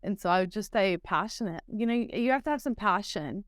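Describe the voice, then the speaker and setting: A woman's voice: mid-range voice, animated, brisk, dry recording, studio quality. A woman with a Texan accent, a recovery coach trainer chatting as a guest on a podcast, telling stories in a friendly, rambling way. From Texas, US. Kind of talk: casual podcast interview.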